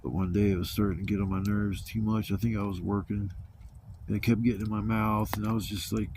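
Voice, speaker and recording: Gravelly low-voiced man rambling casually. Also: steady tone, brisk, dark tone. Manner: rambling, profane, laid-back. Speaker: vlogger. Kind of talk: casual storytelling. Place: outdoors at a campsite. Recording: noisy outdoor ambience.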